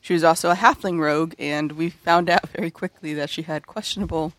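A man introducing himself as a player on a tabletop game podcast, animated and giggly. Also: on the high side, brisk, dry recording, low-quality recording. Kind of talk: casual podcast chat.

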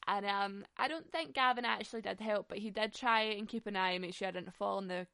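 A young woman tells a story in a loose, chatty monologue, swearing freely and laughing often. Her voice has a gravelly, creaky edge. The sound is close and dry, with no room echo. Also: fairly high pitch, brisk, fairly bright tone.

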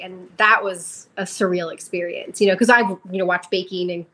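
A young woman speaks as a guest on a casual podcast and tells her story with real emotion. Her voice has a middle pitch and an easy, conversational delivery. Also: fairly even intonation, brisk, hardly any pauses, bright, forceful tone. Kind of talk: casual interview.

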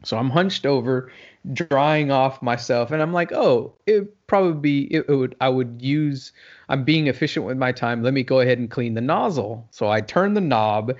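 A man's voice: medium pitch, moderate pace. Guy laughing through a story, yelps out the quotes, kinda muffled lo-fi audio. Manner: animated, laughing, acts out shouted quotes. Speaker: podcast co-host. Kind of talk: casual storytelling chat.

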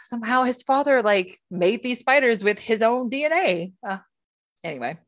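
A woman's voice: on the high side, animated, moderate pace, no room sound, studio quality. A woman co-hosting a podcast, chatting casually with many fillers and laughs. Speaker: podcast co-host. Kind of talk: casual chat.

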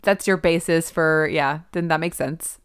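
A woman's voice: sits low, fairly even intonation, unhurried, smooth, no room sound, studio quality. A woman co-hosting a casual film podcast, chatty and giggly, often restarting her sentences. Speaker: podcast co-host.

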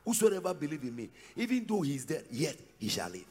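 A man with a Ghanaian accent preaching a sermon in church, breaking into shouts and sing-song cadences. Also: on the high side, big pitch swings, brisk, a little hiss or hum. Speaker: pastor.

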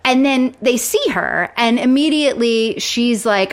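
Animated woman podcast co-host. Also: a little high, a little slow, few pauses. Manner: animated, acts out quoted lines. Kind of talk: casual chat about sitcoms.

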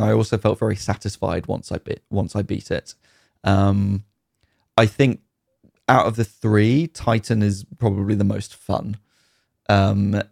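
A man's voice: fairly low pitch, gravelly, darkish tone, no echo, studio quality. A man co-hosting a casual podcast chat, talking in a rambling, enthusiastic way about games with frequent ums. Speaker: podcast co-host.

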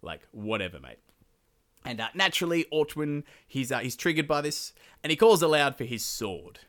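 A man's voice: a little high, brisk, fairly bright tone. A man hosting a podcast, retelling a medieval epic in a casual, profane, slangy way with laughing asides. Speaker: podcast host.

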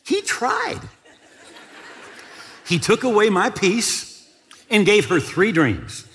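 A man's voice: sits high, big pitch swings, slow pace, fairly bright tone, breathy edge, big-room sound. A man preaching a television sermon, telling a personal story and leading viewers in prayer. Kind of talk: sermon with altar call.

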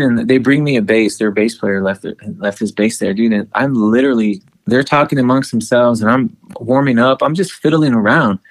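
A man's voice: medium pitch, dry recording. A man, a musician, telling a story in casual chat, swearing freely and acting out dialogue. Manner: profane, animated, acts out dialogue. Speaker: podcast co-host and musician.

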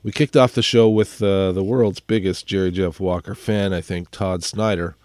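A man's voice: deep voice, steady tone, moderate pace, darkish tone, no room sound, clean studio sound. A man hosting a music radio show while sick, chatting casually in a rambling, self-deprecating way with many fillers. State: sick, under the weather. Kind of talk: casual radio chat introducing songs.

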